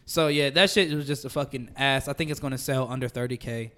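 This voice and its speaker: A man's voice: medium pitch, a little fast. A man with an American accent, ranting in a casual, profane chat among friends and giving strong opinions. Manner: animated, profane, opinionated rants.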